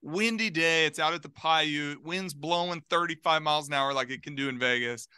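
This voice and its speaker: A man in his forties, a golf pro guest on a podcast, telling stories in an animated, casual way. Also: on the high side, moderate pace, clean tone, no room sound, studio quality. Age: 40s. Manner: animated storyteller.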